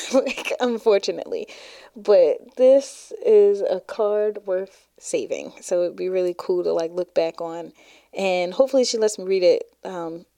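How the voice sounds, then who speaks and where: A woman's voice: medium pitch, mellow, no room sound, clean studio sound. A woman hosting her own podcast, talking casually and laughing often as she shares stories. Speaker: podcast host. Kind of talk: casual solo podcast chat.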